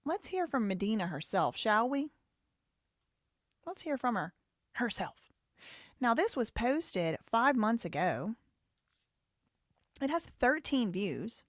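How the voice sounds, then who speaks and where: A woman's voice: a little high, very animated, takes it slowly, long pauses, no echo. Outspoken woman host, live commentary, hot-tempered and profane, dry close sound. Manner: heated, blunt and profane. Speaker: show host.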